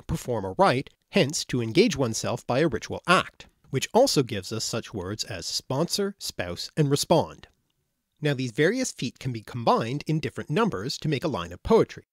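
A man narrates a scripted lecture on the origins of words, his pitch rising and falling in a lively way as he explains each term with care. His voice has a slightly husky edge, and the recording is dry and close, with no room sound. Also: dry recording. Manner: precise, explanatory, careful over foreign terms. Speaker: educational video host.

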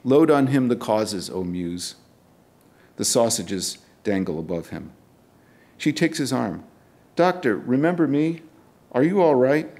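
Middle-aged man, poet, measured poetry reading, casual asides between poems, university event. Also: mid-range voice, big pitch swings, a little mellow.

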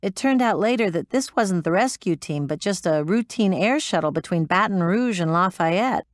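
A woman's voice: on the low side, animated, normal speed, no room sound, clean studio sound, natural voice. An actress playing a blunt, profane former woman pilot recounting her story in an interview. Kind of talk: audiobook drama performance.

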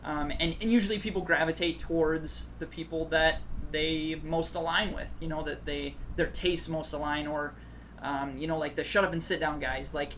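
A man's voice: on the high side, fairly even intonation, moderate pace, fairly bright tone, slight background noise. A man guesting on a podcast, a board game blogger with a dry, sarcastic sense of humor who talks in loose, filler-heavy phrases. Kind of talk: casual podcast chat.

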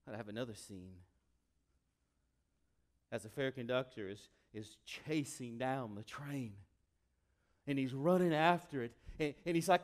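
A male pastor preaching a sermon, animated, swinging from loud exclamations to quiet, intimate asides. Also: mid-range voice, unhurried, pauses often.

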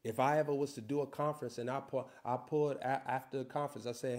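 A man preaching a sermon, reading scripture slowly and building to loud, shouted emphasis. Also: mid-range voice, steady tone.

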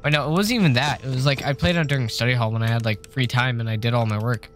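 A young man's fast, medium-pitched, slightly bright voice fills a casual gaming livestream. Chatting at his desk microphone while he plays a horror game, he jokes around, swears heavily, and gets jumpy when scared.

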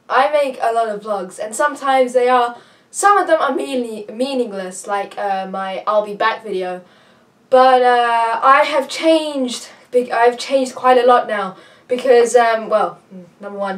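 At home in a room with a computer, a young woman chats excitably to a camera on a tripod, rambling, restarting often, and sounding a little out of breath. Her voice is slightly high and slightly slow, and it sounds a bit distant from the mic.

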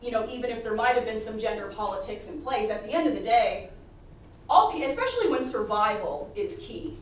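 A woman's voice: a little high, animated, a little fast. A woman presenting on history to a live audience, chatty with many fillers, laughing often and losing her voice. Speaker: podcast host and presenter. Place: historic house presentation room. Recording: very echoey room, distant mic, faint noise.

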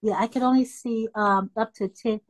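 A woman student in an online class over a video call, flustered and apologetic, halting as she struggles to find her place. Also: fairly high pitch, fairly even intonation, no echo. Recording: dry video call audio.

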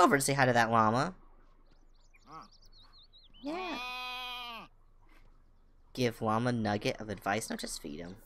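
Low-voiced woman streaming a game, swings way up when she's excited, talks kinda slow. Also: slight background noise. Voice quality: low voice that jumps high with excitement. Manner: cooing at animals, reading aloud, chatting with viewers. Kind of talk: casual gameplay chat.

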